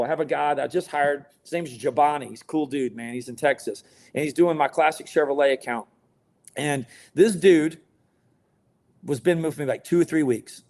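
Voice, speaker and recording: Male podcast guest, business owner type, pitched a bit high, blunt and profane, talks with force. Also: a little mellow. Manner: blunt, emphatic, swears freely. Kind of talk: casual podcast interview.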